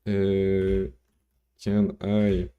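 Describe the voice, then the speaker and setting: A man's voice: deep voice, monotone, drawn-out words, lo-fi sound. A man whose first language is French, casually thinking aloud while live coding and chatting with viewers, swearing now and then. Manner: rambling, swears casually, chats with viewers between code steps. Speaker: coding livestreamer.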